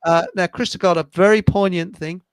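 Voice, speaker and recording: An English man co-hosts a casual live stream and reads out viewer messages, with plenty of jokes. His voice sits a little high, and he often trails off into a mumble. The sound is dry and close, with no room echo. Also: fairly even intonation, brisk, clean tone. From England. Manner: jokey, chatty, trails off into mumbles. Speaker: co-host reading listener comments.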